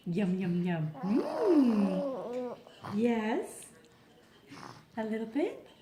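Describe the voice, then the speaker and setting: A woman feeding her baby at home, cooing softly in baby talk and slipping between English. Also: a little high, big pitch swings, extremely slow, roomy sound, slight background noise. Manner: coos and speaks softly in baby talk, mixing English and Spanish. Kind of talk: casual home video, talking to a baby. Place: family home at a table.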